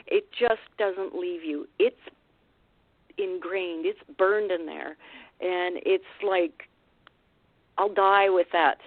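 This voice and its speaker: A woman with a lowish voice recounts a frightening personal encounter on a radio call-in. She speaks emotionally and haltingly, often restarting her sentences. The line is dry and narrow, like a phone. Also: steady tone, no room sound. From Canada, Vancouver Island. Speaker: guest, Sasquatch researcher.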